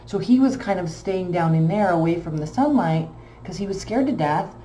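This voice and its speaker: A woman casually telling a long personal story, emotional and animated, with many fillers. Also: lowish voice, moderate pace, reverberant, a little hiss or hum. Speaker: tarot channel host.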